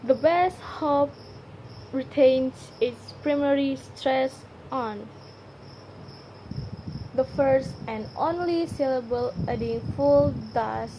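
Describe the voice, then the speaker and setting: A student presenter, a young woman, reads her class presentation slowly in a high voice with a dark tone, carefully pronouncing each word twice. It's a noisy home recording, with crickets and other insects audible in the background.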